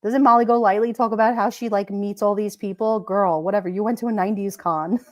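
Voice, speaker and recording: A woman's voice: medium pitch, fairly even intonation, quick pace, dry recording. A woman hosting a live stream, chatting casually and rambling with her viewers, often giggling.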